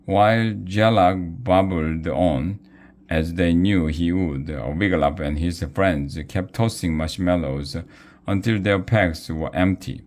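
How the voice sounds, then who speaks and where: A man reading a children's book aloud, unhurried, with small slips and restarts. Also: sits low, darkish tone. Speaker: reader.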